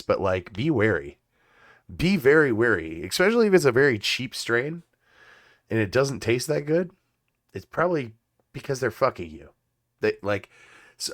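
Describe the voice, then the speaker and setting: On his own podcast, this host rambles through profane, comedic stories and laughs a lot. His voice is fairly low yet fairly bright, recorded at studio quality with no room sound.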